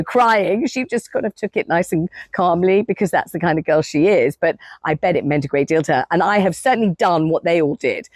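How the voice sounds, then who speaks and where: A woman's voice: mid-range voice, no room sound. A woman in her sixties giving chatty, gushing commentary on reality TV, repeating words for drama.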